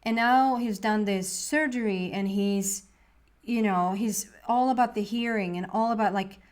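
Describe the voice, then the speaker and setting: A woman's voice: mid-range voice, measured pace. A woman giving a casual tarot reading to camera, rambling and earnest, with lots of fillers and restarts, and openly emotional at times. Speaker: tarot reader.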